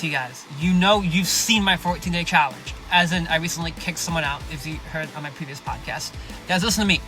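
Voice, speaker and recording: A fitness coach delivers a monologue on his own podcast, blunt and sarcastic, swearing plenty and saying "you guys" a lot. His voice is a little high, pushed and bright.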